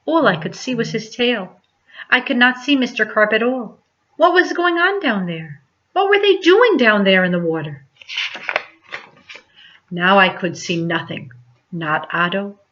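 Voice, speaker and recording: A woman teacher reading a picture book aloud, with expressive exclamations and questions. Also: medium pitch, muffled recording.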